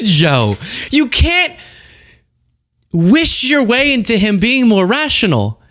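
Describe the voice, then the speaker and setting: Animated sarcastic male commentator. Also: very high-pitched, slow. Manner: animated, sarcastic, acts out exaggerated voices. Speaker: political commentary host. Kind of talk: casual political commentary.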